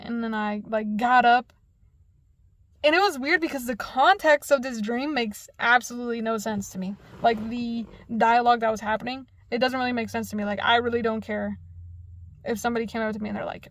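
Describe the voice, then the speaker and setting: A young woman tells a long dream story in a loose, casual way. She swears freely and acts out the back-and-forth herself. Her voice sits fairly high and sounds close and dry, with no room around it. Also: brisk, no room sound. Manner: animated, profane, acts out dialogue.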